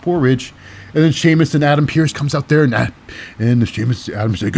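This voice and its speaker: A man's voice: on the high side, expressive, fairly quick, gravelly, a little mellow, slight background noise. Cynical male wrestling podcast host. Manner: cynical and wry, with many fillers. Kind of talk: casual wrestling recap.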